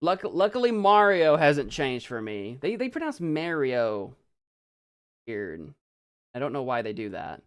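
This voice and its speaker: A man's voice: medium pitch, wildly swooping pitch, measured pace, smooth. An American man chatting casually on a live stream, rambling and giggling as he reads viewer comments aloud.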